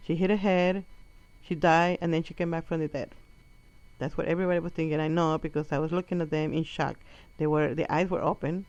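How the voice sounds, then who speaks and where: A woman from Colombia doing stand-up, telling a story in a profane, animated way and acting out the people in it. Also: sits low. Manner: animated, profane, acts out quotes. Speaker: stand-up comedian. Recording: dull lo-fi recording.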